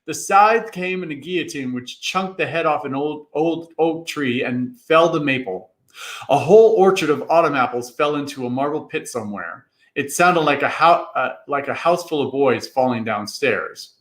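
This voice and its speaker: The reading is theatrical: a man narrates a classic story at a moderate pace with a slightly bright voice, breaking into distinct character voices with wide pitch jumps. Echo from the room colors the recording.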